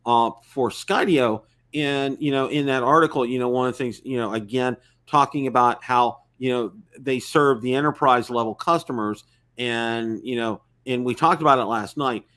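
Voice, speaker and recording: A man's voice: medium pitch, moderate pace, fairly bright tone. A man hosting a live-stream talk show about drones, rambling with many fillers and restarts. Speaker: host.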